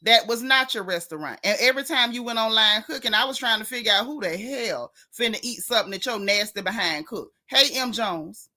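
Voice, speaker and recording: A woman's voice: a little high, lively intonation, fairly quick, few pauses, pushed and bright. A woman hosting a casual gossip livestream, talking in a sassy drawl and greeting her viewers.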